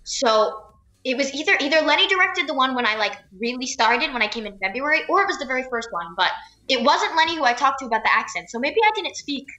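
A woman's voice: sits high, animated, fast, bright, forceful tone, echoey room, rough recording. A young actress from New Jersey, chatting in an interview, laughing often and filling her talk with "like" and "um". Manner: chatty, laughing, many fillers like "like" and "um". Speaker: actress guest. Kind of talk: casual interview chat.

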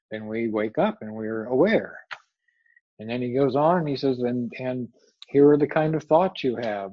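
Male meditation teacher, relaxed storytelling, soft trailing phrases, dull dry lo-fi recording. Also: medium pitch, dry recording. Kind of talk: spiritual talk with a joke.

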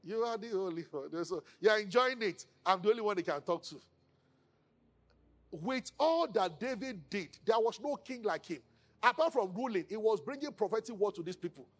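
A man with a Nigerian accent preaching a sermon as pastor, animated and acting out quoted speakers in hushed tones. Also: high voice, moderate pace, breathy edge.

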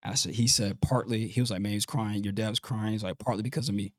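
A man's voice: on the low side, steady tone, quick pace, no room sound, clean studio sound. A man as a podcast guest, telling a personal story in an earnest way, often restarting and acting out what his father said. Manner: earnest, repeats words and restarts, acts out his father's speech.

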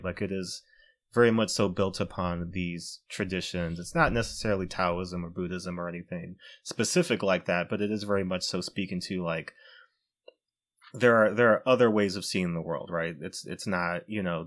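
Deep-voiced male podcast host. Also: a bit bright. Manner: measured, builds points with "right?". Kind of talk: casual podcast discussion.

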